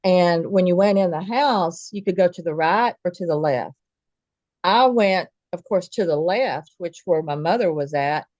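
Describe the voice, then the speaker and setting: A woman's voice: on the low side, a little slow, darkish tone, no echo, highs cut off. A woman telling a true personal story in a casual, folksy way, acting out the dialogue of the people in it. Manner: vivid, folksy retelling with quoted dialogue.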